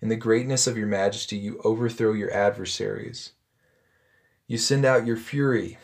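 A man reading a Bible passage aloud and stopping to explain it in a relaxed, conversational way, with frequent ums and self-corrections. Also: fairly low pitch, normal speed, creaky. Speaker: Bible teacher. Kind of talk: scripture reading with commentary.

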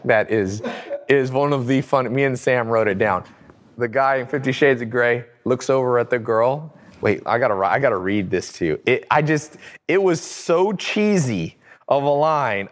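A man speaking at an everyday middle pitch, hosting a relaxed livestream from his home. He talks in an animated, joking way, often breaking into laughter. He answers viewer questions off the cuff. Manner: animated, laughs often, acts out quotes in funny voices. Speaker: host.

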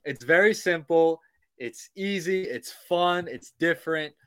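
A young man co-hosting a sports podcast, talking playfully with lots of halting restarts. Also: a little high, fairly bright tone. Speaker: podcast co-host. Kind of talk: casual sports podcast chat.

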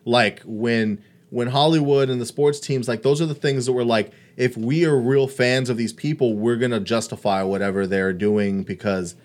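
A man's voice: mid-range voice, steady tone, normal speed, few pauses. A man in casual podcast chat, rambling, with lots of restarts and "like". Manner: rambling, restarts, heavy use of "like".

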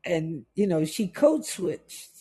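Slow, breathy middle-aged woman telling stories. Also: lowish voice. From West Indies. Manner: animated, acts out the people in her stories. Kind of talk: casual storytelling chat.

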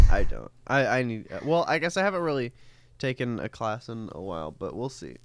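A woman reading a horoscope aloud in casual chat, in a laid-back, halting way with fillers. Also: rumbling low, lively intonation.

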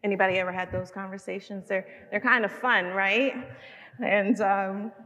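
A woman in her fifties giving a conversational sermon to mothers, telling stories with lively, relatable asides. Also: medium pitch, moderate pace. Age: 50s. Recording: long hall reverb.

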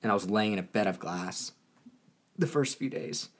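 A young man casually telling a story, animated and often laughing. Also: lowish voice, normal speed.

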